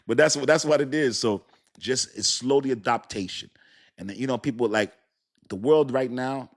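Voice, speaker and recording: A man hosting a casual livestream, rambling and laughing as he talks to his chat. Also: on the low side. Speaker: crypto livestream host.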